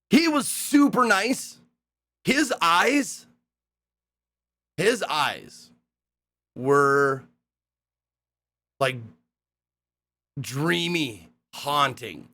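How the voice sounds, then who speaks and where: A young man casually recapping a hosting gig, rambling and profane, acting out the people he quotes in excited voices. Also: fairly high pitch.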